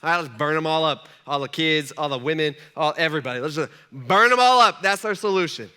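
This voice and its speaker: A man's voice: medium pitch, fast talker, bright, forceful tone, clear, resonant tone, pitched below the performer's own voice, natural voice. A man voicing an angry young male disciple itching for revenge, fiery and boastful. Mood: fired up.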